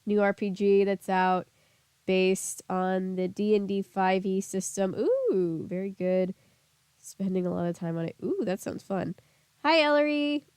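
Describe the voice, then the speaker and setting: A young woman streamer chats casually with her viewers, reading their messages aloud and laughing often, though a lingering cough makes her sound a little sick. Her mid-range voice is expressive, a little slow and somewhat mellow. The tone is clean, with no room sound.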